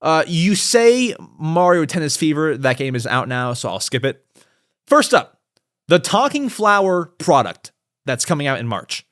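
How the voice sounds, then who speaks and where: Animated young man podcast host. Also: measured pace. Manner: animated, exaggerated swings between loud and low. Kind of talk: casual chat.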